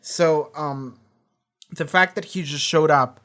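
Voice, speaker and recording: A man's voice: fairly high pitch, slow. Profane, rambling male reaction streamer. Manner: animated, profane, rambling with restarts. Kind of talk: casual reaction commentary. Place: home streaming setup.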